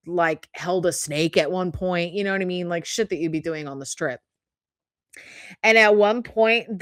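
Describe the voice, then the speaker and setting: A woman's voice: on the low side, no echo, clean studio sound. A woman in her thirties hosting a podcast, telling stories in a casual, rambling way with plenty of "like" and "um" and frequent swearing. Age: 30s. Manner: chatty, swears freely, lots of "like" and "um". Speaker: podcast host. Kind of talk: casual storytelling monologue.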